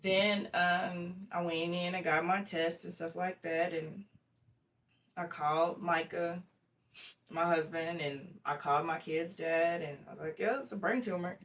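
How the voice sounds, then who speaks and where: Brief: woman guest, lively storyteller, slightly low voice, heard from a little distance. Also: a little slow. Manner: lively storyteller who acts out quoted dialogue. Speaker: interview guest. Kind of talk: casual personal storytelling. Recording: distant mic with faint background noise.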